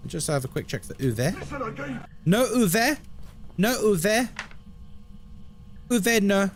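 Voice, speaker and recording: Very animated yet very slow, his high-sitting voice carries over soft background music. The speaker is an Englishman casually joking with his audience during a horror-game live stream, chatty and self-deprecating, from a room at home beside a busy road.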